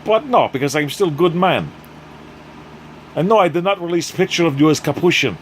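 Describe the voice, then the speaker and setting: A man voicing a gruff, proud former male spy in a mock Russian accent, speaking stiff, broken English. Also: fairly high pitch, lively intonation, normal speed, slight background noise, close to an everyday voice. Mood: wounded pride.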